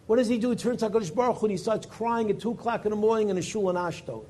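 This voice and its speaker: Husky rabbi with a high, animated voice, telling a story in a Torah class. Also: male voice, racing, few pauses. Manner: animated storyteller, voice rising with emphasis and dropping low for quoted lines.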